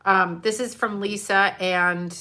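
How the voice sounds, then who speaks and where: A woman's voice: mid-range voice, fairly even intonation, takes it slowly, sharp tone. A woman chatting casually on a live stream from home, scattered and effusive, talking straight to a camera mic. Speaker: livestream host.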